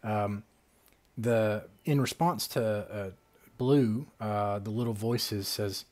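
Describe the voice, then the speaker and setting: A man narrating a tabletop game as its game master, easygoing and unhurried. His voice sits a bit low, and he fills pauses with relaxed ums and uhs. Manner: relaxed, casual, lots of fillers.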